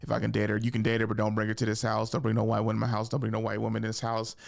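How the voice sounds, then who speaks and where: A strict mother repeats her house rules in stern warnings, as a man quotes her. The voice sits a little low, with a gravelly rasp. It stays close to an everyday speaking voice. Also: completely flat delivery, racing.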